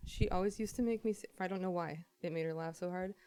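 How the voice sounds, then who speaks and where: A woman's voice: on the low side, quick pace, clear, resonant tone. A woman co-hosting a podcast in casual chat, telling stories with lots of laughter and swearing. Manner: giggly, profane, animated storytelling. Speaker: podcast co-host.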